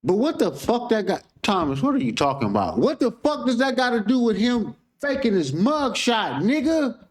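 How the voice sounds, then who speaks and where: A man's voice: extremely high pitch, very animated, moderate pace. A man from San Francisco hosting a reaction show, talking casually with heated, profane disbelief.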